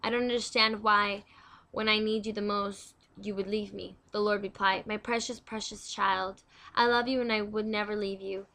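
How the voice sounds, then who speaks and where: A woman's voice: mid-range voice, little pitch movement, normal speed, sharp tone. A young woman in a casual devotional reading, chatty and stumbling over words as she reads aloud. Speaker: devotional video host.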